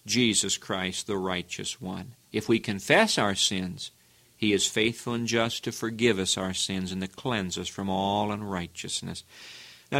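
A man's voice: vocal fry, fairly bright tone. Emphatic male preacher. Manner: earnest, emphatic, with sudden rises in pitch; asks rhetorical questions. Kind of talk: sermon.

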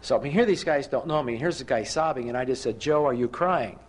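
Guy preaching, tells stories, jumps up in pitch for emphasis, stumbles and restarts a lot, mid pitch voice. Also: quick pace, husky. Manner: animated storyteller, frequent restarts, emphatic rises. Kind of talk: sermon with personal storytelling.

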